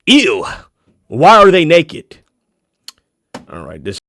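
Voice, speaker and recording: Loud, mocking young male streamer. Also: on the high side, huge pitch swings, slow. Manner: loud, profane, mocking, swings into shouts. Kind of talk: casual reaction stream.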